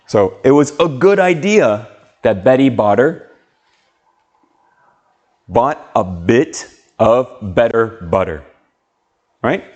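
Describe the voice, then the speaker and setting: Guy teaching english online, talks real slow and careful, spells out every sound. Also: mid-range voice, lively intonation, a little mellow. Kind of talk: slow, clear classroom video lesson.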